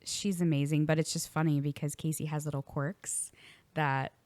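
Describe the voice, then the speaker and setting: A woman co-hosting a podcast, telling stories in an animated casual chat and laughing often, recorded in a home basement studio. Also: low voice, moderate pace, dry recording. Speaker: podcast co-host.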